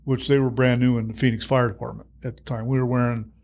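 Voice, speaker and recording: A man in his sixties, a retired fire captain, telling stories in an interview, animated and quick to laugh. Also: mid-range voice, creaky. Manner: animated storyteller, acts out dialogue, laughs often. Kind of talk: storytelling in a podcast interview.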